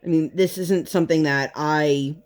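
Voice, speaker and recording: A woman vlogger and parent telling a story in relaxed, chatty conversation, often drifting into tangents. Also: deep voice, normal speed. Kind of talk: casual chat while crafting.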